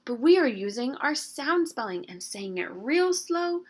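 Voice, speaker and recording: A woman teaching an early-grade writing lesson, slowly stretching out the sounds of words and coaxing answers with gentle questions. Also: high voice, very animated, slightly rough. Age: adult.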